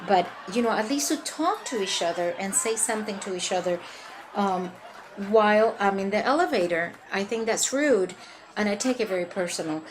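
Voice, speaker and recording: A woman's voice: medium pitch, animated, normal speed, slight background noise, low-quality recording. A woman improvising a comedic monologue, talking in a hyper, chatty way and laughing through her story.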